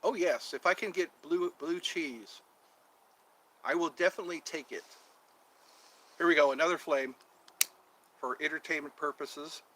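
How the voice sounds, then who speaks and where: A channel host on a casual outdoor livestream rambles and jokes, stretching out some of his words. His voice sits fairly high, moving at a moderate pace with frequent pauses, and it sounds pushed and bright. The recording quality is low.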